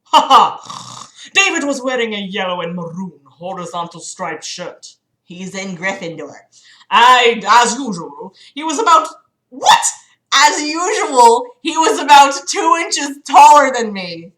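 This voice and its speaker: Woman, slow sarcastic book reading with wry commentary, bright lively voice, echoey room. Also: fairly high pitch. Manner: sarcastic, laughs often, swears. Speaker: livestreamer reading a book aloud. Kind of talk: mocking read-aloud with commentary.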